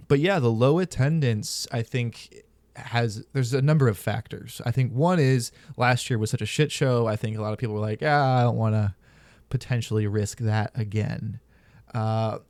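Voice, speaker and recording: A man's voice: medium pitch, darkish tone, dry recording. A man hosting a podcast, telling stories in casual, candid and profane chat. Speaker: podcast host.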